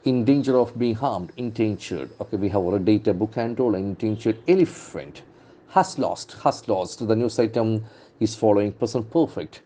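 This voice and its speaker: Man teaching English, deep mellow voice. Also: lively intonation, normal speed. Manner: drills pronunciation by repeating words with stressed syllables. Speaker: English trainer. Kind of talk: newspaper vocabulary lesson.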